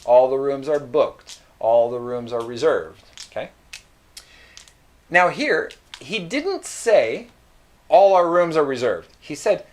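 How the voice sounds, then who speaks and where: Slow, deliberate male English teacher. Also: medium pitch, animated. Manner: slow, deliberate, repeats example sentences. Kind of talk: slow explanatory English lesson.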